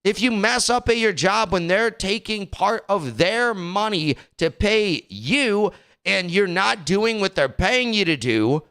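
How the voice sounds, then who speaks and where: A man's voice: high voice, expressive, unhurried, fairly bright tone, clean tone. A young man hosting a podcast in casual talk, rambling and exasperated, slipping into mocking voices. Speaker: podcast host.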